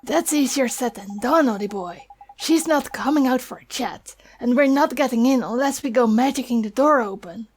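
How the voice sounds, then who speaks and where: Woman voicing a cocky little fairy guy, slangy, blunt, fairly high. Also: normal speed, hardly any pauses, darkish tone, close to an everyday voice. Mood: cheeky. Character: cheeky little male fairy sidekick. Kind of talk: reading game dialogue aloud.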